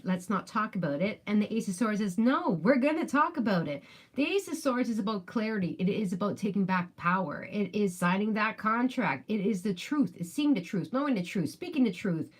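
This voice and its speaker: A woman's voice: medium pitch, breathy edge. A woman doing a casual tarot reading, chatty and musing aloud, with emphatic repetitions. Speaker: tarot reader.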